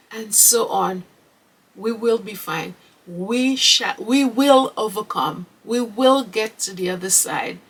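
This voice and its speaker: Slow, husky woman podcaster. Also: mid-range voice, recorded from a distance, low-quality recording. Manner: earnest and emphatic, with rhetorical questions and "okay?" asides. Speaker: podcast host. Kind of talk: solo podcast commentary.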